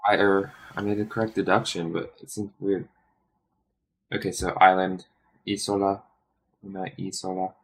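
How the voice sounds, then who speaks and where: A man thinking aloud while studying, hesitant and questioning himself, often trailing off into a quiet mutter. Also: low-pitched, little pitch movement, normal speed, long pauses. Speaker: streamer studying Italian.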